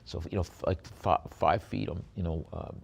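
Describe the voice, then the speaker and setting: A male auctioneer with a fairly low voice, rattling off bid calls at speed. Between the calls he rambles through the details of each item in a loose, casual way, full of "uh" and "you know". His tone is relaxed and conversational. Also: gravelly. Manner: rapid bid calling mixed with chatty asides and many fillers. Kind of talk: live auction calling with item descriptions.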